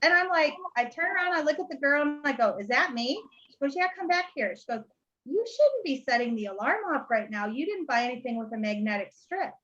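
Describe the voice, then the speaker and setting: A woman from Ohio, co-hosting a casual talk over video call, shares a testimony full of laughter and playfulness. Her high-pitched, fairly bright voice has lively intonation and a slightly quick pace, with the highs cut off.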